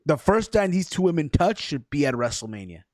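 A man's voice: a little high, big pitch swings, a little fast, a loud crowd. A man co-hosting a wrestling podcast, talking loosely and rambling, with lots of swearing and "bro". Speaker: podcast co-host. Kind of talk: casual wrestling chat.

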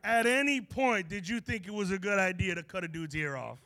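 Exasperated teacher figure voiced by a preacher, man, incredulous, slangy, fairly high voice. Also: fairly quick, sharp tone. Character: exasperated grown man teacher scolding followers.

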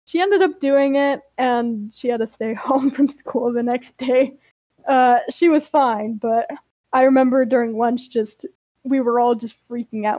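A woman on a podcast who tells anecdotes in a chatty, filler-heavy way and then narrates a written story. Her voice sits high. The recording is close and dry. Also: measured pace, mellow, dry recording. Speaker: podcast co-host and story reader. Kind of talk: casual chat and reading a written story aloud.

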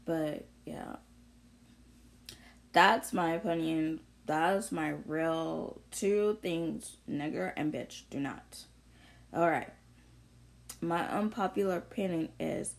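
A woman's voice: low voice, slow pace, gravelly. A young woman vlogger ranting bluntly through an unscripted monologue, full of profanity and confrontation. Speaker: vlogger sharing opinions.

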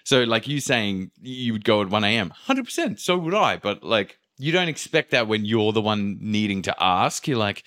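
A man's voice: on the low side, moderate pace, few pauses, fairly bright tone. A young man telling a travel story in casual chat, swearing freely and acting out what people said. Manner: swears a lot, acts out quotes with filler "da, da, da".

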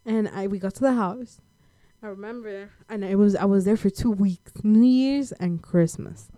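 A woman's voice: medium pitch, moderate pace, dark tone, no room sound, clean studio sound. A young woman from the United States telling a personal story in a casual chat, slangy and laid-back, with lots of fillers.

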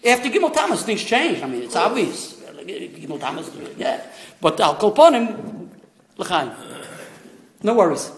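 High-voiced man teaching in a roomy space. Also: big pitch swings, measured pace. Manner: rambling and digressive, sprinkled with Hebrew and Yiddish terms. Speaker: Torah teacher. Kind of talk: informal religious lesson. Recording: roomy echoey room.

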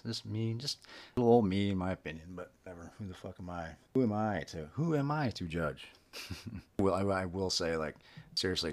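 A man with a deep, low-pitched voice hosts his own show. He rants in a heated, profanity-heavy way, and his talk is blunt and unfiltered. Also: a bit bright. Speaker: podcast host. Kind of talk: solo podcast rant.

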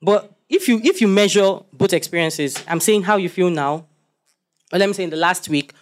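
A young man preaching a sermon, animated and joking as he quizzes the congregation. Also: sits high, normal speed.

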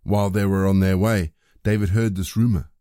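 Male scripture narrator, low, mellow, dry close recording. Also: steady tone, a little fast, dry recording. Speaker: scripture reader.

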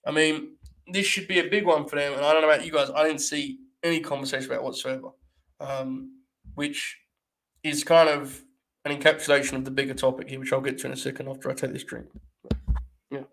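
A man's voice: mid-range voice, level tone, fast, vocal fry, a bit bright. A man hosting a wrestling podcast, giving rambling, wry live-stream commentary and talking to his chat.

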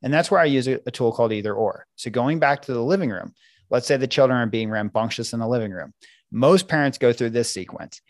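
A middle-aged man talks through parenting tools with a lively, swinging pitch, and his voice sits close and dry on the mic. He often slips into short acted lines as a parent or a child. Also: fast, no echo. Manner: animated, acts out parents and kids in quoted voices. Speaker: parenting coach guest. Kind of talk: podcast interview explaining parenting techniques.

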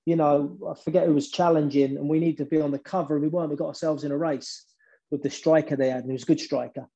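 A man, a former football manager, telling stories in an interview, animated and often repeating words as he builds up a point. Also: on the high side, quick pace, highs cut off. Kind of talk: storytelling interview.

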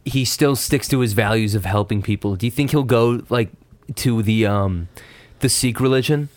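Young male co-host, lively storyteller, very dry close sound. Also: fairly low pitch, normal speed, no room sound. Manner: animated storytelling with quoted voices and laughter. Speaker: podcast co-host. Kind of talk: casual chat.

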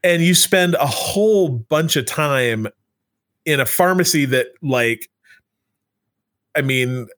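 A man's voice: a little high, expressive, takes it slowly, pauses often, fairly bright tone. A man co-hosting a casual chat, rambling with many restarts and fillers. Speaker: podcast co-host.

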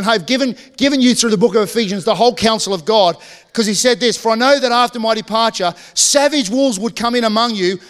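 A man's voice: high-pitched, a bit bright, in a large hall. A man preaching a sermon in a church, talking conversationally, joking with the congregation, and often restarting his sentences. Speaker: pastor.

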